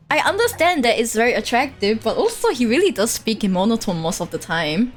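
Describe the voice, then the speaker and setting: A woman streamer chatting through a game playthrough with animated, giggly, jokey asides. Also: a little high, fast talker, few pauses, soft background music. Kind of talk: live game playthrough chat.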